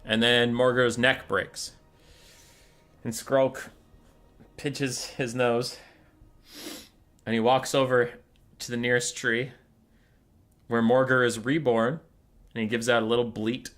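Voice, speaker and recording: A man's voice: mid-range voice, level tone, slow pace, long pauses, a bit bright. A man casually commenting on a strategy game and telling a silly story, wry and easily distracted. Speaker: gaming streamer.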